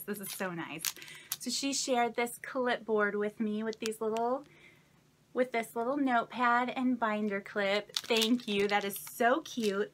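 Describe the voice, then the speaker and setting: A young woman vlogger chats casually to the camera while unwrapping crafting gifts, her medium-pitched voice carrying over slight background noise. She gushes effusively, exclaims often with soft laughs, and keeps thanking the sender over and over.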